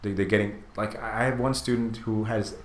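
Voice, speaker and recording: A man's voice: fairly low pitch, moderate pace, slight background noise. A man hosting a podcast, telling stories animatedly and acting out quoted lines. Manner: animated storyteller, acts out quotes. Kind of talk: casual chat. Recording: roomy echo.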